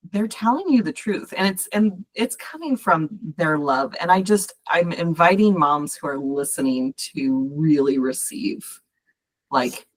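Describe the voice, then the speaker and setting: Encouraging podcast host, a woman. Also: sits low. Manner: encouraging, addresses listeners directly. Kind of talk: casual podcast conversation.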